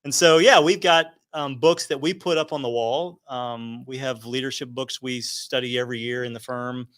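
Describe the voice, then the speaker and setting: A man speaking as a guest in a casual interview, relaxed, with dry teasing humor. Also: medium pitch, moderate pace. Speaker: guest, company CEO.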